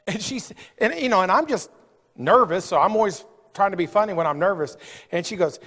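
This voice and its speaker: A middle-aged pastor, preaching a sermon with humorous stories, swinging from loud outbursts to low asides. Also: male voice, sing-song, moderate pace. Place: church sanctuary. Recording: long hall reverb.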